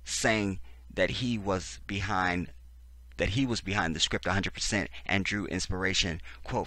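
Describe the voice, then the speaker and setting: A man with a low voice delivers a ranting political commentary, sarcastic and full of profanity, alternating between reading text and breaking in with heated remarks. He keeps a measured pace and fairly even intonation, his tone sharp, with no room sound in the recording.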